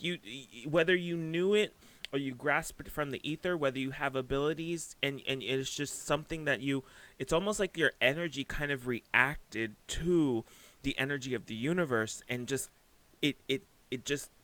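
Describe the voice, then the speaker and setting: A man's voice: medium pitch, a little slow, bright, forceful tone, no room sound. A man giving a casual tarot reading in an effusive, gushing way, often rambling and searching for words as he goes. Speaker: tarot reader.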